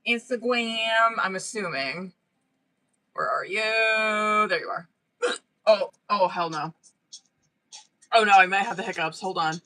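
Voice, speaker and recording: A tarot reader chats casually on a livestream in a bright, sharp voice at a middling pitch. The talk is slangy and loose, full of swearing and constant breaks to say "hold on.". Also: slow pace, pauses often, rough recording. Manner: profane, slangy, chatty, often breaks off with "hold on".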